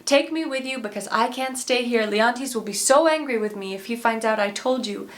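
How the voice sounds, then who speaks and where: A woman's voice: a little high, normal speed, close to an everyday voice. A woman doing Camillo, a loyal anxious servant. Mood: urgent. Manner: earnest, pleading.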